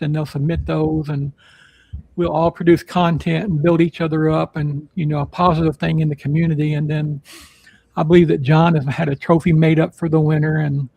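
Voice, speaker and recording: A man hosting a casual live podcast, his voice pitched on the high side with a gravelly fry running through it. He rambles through announcements with plenty of "uh" and "you know." The sound is dry and close. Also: mellow, no echo, low-quality recording. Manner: rambling, filler-heavy announcements. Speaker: podcast host.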